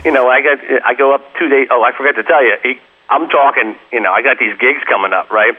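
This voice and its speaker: A man's voice: mid-range voice, quick pace, breathy edge, phone-quality sound. A man being interviewed as a guest musician, telling long rambling anecdotes full of "you know" and acting out the voices of people he quotes. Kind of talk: casual interview storytelling.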